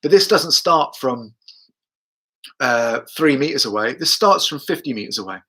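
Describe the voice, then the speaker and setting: A man's voice: mid-range voice, animated, moderate pace, bright, forceful tone, husky. A man, a dog trainer, talking through his methods and answering viewers' questions on a live stream, chatty, repeating himself and speaking the dog's thoughts aloud.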